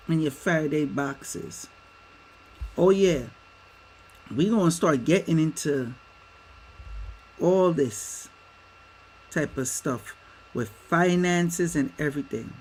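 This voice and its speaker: This livestream host does his commentary from a green-screen home setup, addressing viewers as "y'all," hammering points emphatically and tossing out rhetorical questions. He sounds on the high side, and the recording is rough.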